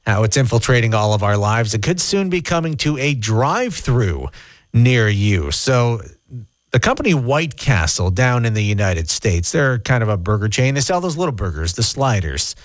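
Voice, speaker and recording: A man hosts a morning radio show with a chatty, joking manner. His voice moves lively up and down, in a dry studio with no room sound. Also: medium pitch, normal speed, no echo. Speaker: radio host. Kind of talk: casual morning radio chat.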